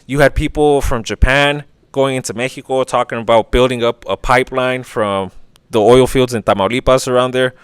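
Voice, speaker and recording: A man hosting a casual history podcast, opinionated and profane, briefly acting out quick voices. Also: mid-range voice, clean tone, no echo. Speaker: podcast host.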